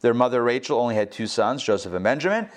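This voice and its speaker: A man's voice: medium pitch, lively intonation, quick pace. A middle-aged man, a rabbi, teaching a Torah class over a video call in a casual, jokey way, asking his audience questions. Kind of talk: casual online class lecture. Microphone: computer mic on a video call.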